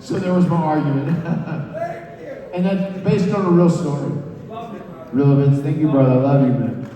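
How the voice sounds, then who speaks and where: A man in his forties, a guest on a convention panel, telling animated stories, stumbling over and repeating words, heard from afar in a large hall. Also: a little high, a little fast, crowd noise. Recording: echoey hall, distant mic, background noise.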